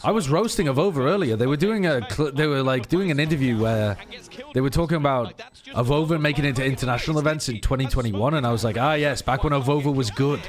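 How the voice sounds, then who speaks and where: A man's voice: mid-range voice, quick pace. A man co-streaming an esports match, chatting casually and joking with laughs in between. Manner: joking, animated, laughs often. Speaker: watch party co-streamer. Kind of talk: casual esports watch-party chat.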